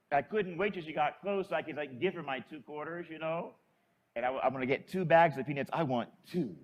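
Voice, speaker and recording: An older man and priest telling a chatty, animated story in a sermon. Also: on the high side.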